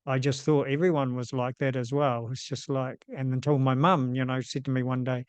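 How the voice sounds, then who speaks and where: A man hosting a podcast, speaking in a gentle, affirming, reflective way in casual conversation. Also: mid-range voice, little pitch movement, moderate pace, clean tone, no echo. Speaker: podcast host.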